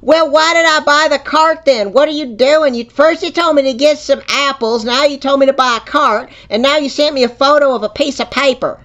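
A man's voice: extremely high pitch, a little fast, few pauses, a bit bright. A man voicing a flustered, easily confused older woman who rambles and repeats herself on a muffled call. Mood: confused, exasperated. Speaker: scam baiter. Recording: muffled phone-call audio.

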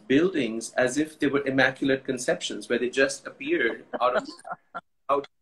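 Man, host, live chat, conversational, mid pitch, restarts phrases. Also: fairly bright tone, low-quality recording.

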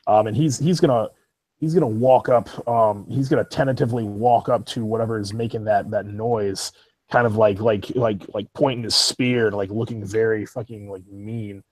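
A man playing a character in a tabletop game, describing his moves haltingly with many fillers. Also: lowish voice, steady tone, a little mellow, no room sound. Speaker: player. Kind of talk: casual tabletop play.

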